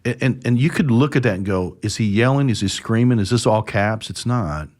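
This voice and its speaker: A man with a lowish voice hosts a relaxed church discussion. He retells scripture with energy and jumps into character voices as he acts out the lines. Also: fairly quick. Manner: animated retelling, acts out dialogue with lively pitch jumps. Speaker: church podcast host. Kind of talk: conversational Bible discussion.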